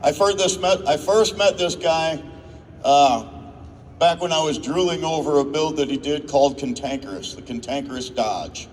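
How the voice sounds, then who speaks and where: A man's voice: a little high, moderate pace, slight background noise. A man giving an emotional, rambling, off-the-cuff award speech in a large event hall. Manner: emotional, rambling, self-interrupting. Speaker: awards presenter. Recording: distant mic in a reverberant hall.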